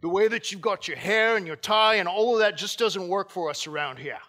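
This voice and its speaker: A man's voice: high-pitched, a little fast, pushed and bright. A man putting on an Australian accent to voice a stern male Bible college dean who scolds bluntly. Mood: scolding.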